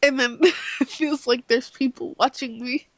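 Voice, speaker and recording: Young female vlogger, tipsy casual storyteller, self-deprecating, high voice, dry close sound. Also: steady tone, unhurried, fairly bright tone, no room sound. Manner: rambling, self-deprecating, with laughs and asides; tipsy, slips into whispers.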